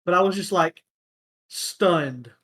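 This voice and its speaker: A man hosting a casual podcast, telling stories in a relaxed way with lots of ums. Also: high voice, slow. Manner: relaxed storyteller, many ums and uhs. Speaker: podcast host. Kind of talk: casual chat, storytelling.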